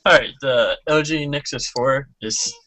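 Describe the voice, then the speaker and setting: A man's voice: mid-range voice, a little slow, bright, forceful tone, no echo, low-quality recording. A man on a tech podcast panel, reading off specifications in a plain, matter-of-fact way. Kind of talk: listing specs in podcast chat.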